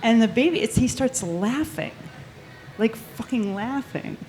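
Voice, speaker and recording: A woman telling a true spooky story live on stage, animated and swearing, laughing often. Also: a little high, a little slow, soft background music.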